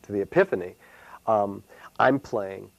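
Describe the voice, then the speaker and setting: A man, a solo performer, answering interview questions in a casual, halting way, full of fillers and restarts. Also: fairly low pitch, gravelly, no echo, muffled recording. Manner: hesitant, many fillers and restarts.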